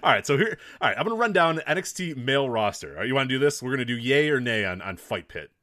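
A laid-back man co-hosting a casual wrestling podcast, swearing casually and laughing often. His voice is bright, with pitch that moves around a lot. The sound is dry, with no room echo. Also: sing-song, quick pace. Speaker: podcast co-host.

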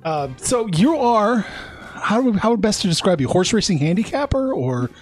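Husky, lively podcast host. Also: male voice, high voice, normal speed, soft background music. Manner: joking, upbeat questioner. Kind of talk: casual podcast interview.

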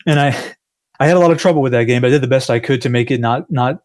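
A man's voice: medium pitch, rapid-fire, a little mellow. A man, a game developer, chatting casually on a panel, rambling and self-deprecating, laughing often.

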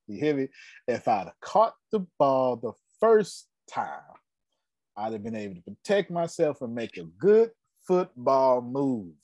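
A man's voice: medium pitch, a little mellow, no echo. A man in his forties hosting a casual business talk, telling stories with emphatic repetition and frequent laughs. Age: 40s. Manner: storytelling, laughs often, emphatic. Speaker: host.

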